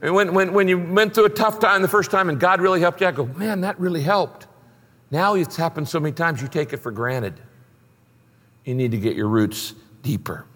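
Animated male pastor in a reverberant hall. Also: normal speed. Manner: animated storytelling, drops low and soft in prayer. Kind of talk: sermon.

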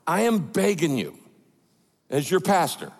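A male pastor preaching a sermon with lively, emphatic delivery and quoted asides. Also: on the high side, unhurried, long reverb tail.

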